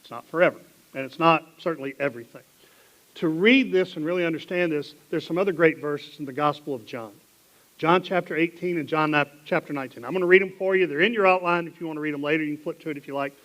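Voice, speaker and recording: Man, Southern accent, pastor, sermon, dramatic scripture reading, hushed asides, higher pitch. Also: quick pace, poor audio. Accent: Southern American. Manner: animated, dramatic Bible reading with sudden drops to hushed asides. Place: church sanctuary.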